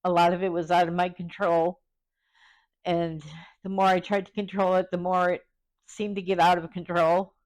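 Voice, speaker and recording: A woman vlogger talking candidly and hesitantly, pausing often and close to tears. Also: lowish voice, flat delivery, darkish tone. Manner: halting and hesitant, many pauses; openly vulnerable, close to tears. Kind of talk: candid personal vlog.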